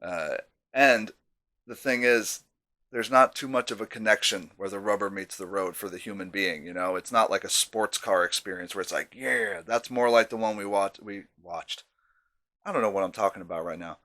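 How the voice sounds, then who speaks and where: A man's voice: lowish voice, normal speed, bright, forceful tone. A man casually reviewing a beer on camera, chatty and self-deprecating, with savoring asides.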